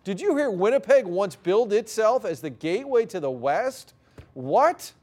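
High-voiced sardonic male sports commentator. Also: expressive, moderate pace, darkish tone. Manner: wry, sardonic, mock-outraged. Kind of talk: opinion commentary.

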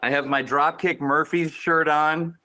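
A comedian guest in a casual comedic chat, jokey and rambling with frequent restarts. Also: male voice, on the high side, steady tone, a little slow, sharp tone.

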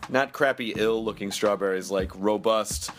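Over soft background music, a man with a fairly low-pitched voice hosts a podcast. His talk is loose and playful, and his ad reads are lively and punctuated by quick bits of silliness.

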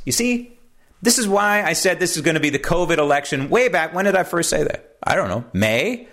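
A man hosting his own talk program, giving an animated political commentary monologue, often asking "right?" and drifting into asides. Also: fairly high pitch, moderate pace. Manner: digresses into anecdotes. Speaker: host.

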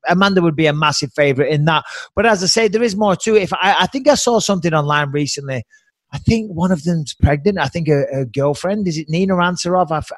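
A man hosting a podcast in casual, rambling chat, animated and swearing often, laughing a lot. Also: fairly high pitch, dry recording. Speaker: podcast host.

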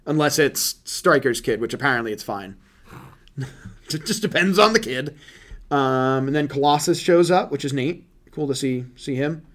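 A man hosting a casual movie-review chat, animated and profane, often laughing as he talks. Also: mid-range voice, moderate pace. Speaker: podcast host.

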